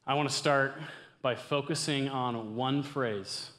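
Taking it slowly in a medium pitch, a young man gives a conversational sermon to a campus ministry group. His delivery swings from loud excitement to hushed earnestness.

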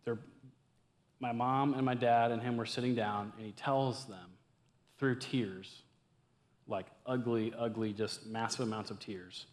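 A young man speaks a little slowly in a medium pitch, giving a campus ministry group a casual, conversational sermon. Loud, excited moments give way to hushed, earnest ones.

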